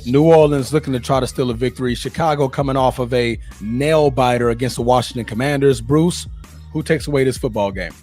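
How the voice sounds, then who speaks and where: A man from the United States co-hosting a casual football podcast, excitable and quick to laugh. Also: medium pitch, faint music behind. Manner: excitable, laughs a lot, fan banter. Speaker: podcast co-host. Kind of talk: casual sports podcast chat.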